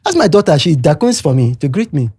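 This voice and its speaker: Animated older Nigerian man, mellow voice. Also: a little high, fast talker, husky. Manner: animated, emphatic, repeats his points. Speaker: podcast guest. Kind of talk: casual podcast chat.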